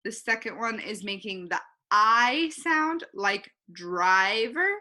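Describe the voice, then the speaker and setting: Slow, bright-voiced woman teaching phonics. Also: mid-range voice, lively intonation. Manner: slow, clear teacher talk, repeating each word twice. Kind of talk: recorded online phonics lesson.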